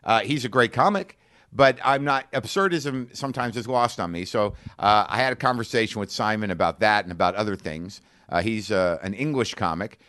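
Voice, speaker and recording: A man's voice: fairly low pitch, fairly quick, a bit bright, clear, resonant tone. A man hosting a podcast, wry and self-deprecating, talking in loose, rambling bursts. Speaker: podcast host. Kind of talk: candid podcast talk.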